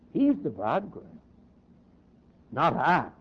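A man's voice: a little high, big pitch swings, a little slow, pauses often, breathy edge. A man preaching a sermon, reading scripture aloud and then driving points home in short emphatic phrases. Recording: dull lo-fi recording.

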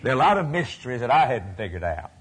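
A man preaching a sermon in a folksy, repetitive way, swinging from loud declarations to hushed near-whispers. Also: mid-range voice, big pitch swings, fast, breathy edge.

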